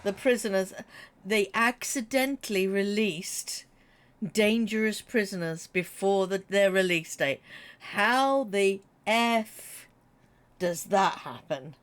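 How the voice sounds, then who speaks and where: A British woman with a runny nose chats her way through a game stream. She talks in a mid-pitched voice, teasing and joking as she greets her viewers and answers them. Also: unhurried. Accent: British English. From Britain. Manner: chatty, jokey, reads chat aloud. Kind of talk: casual chat while gaming.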